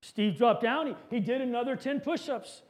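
Male preacher, very high voice, dramatic sermon storyteller. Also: normal speed.

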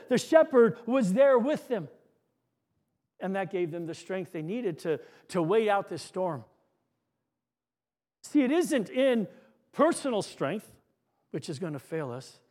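A man preaching a sermon, telling stories and dropping to a soft hush on key lines. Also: high voice.

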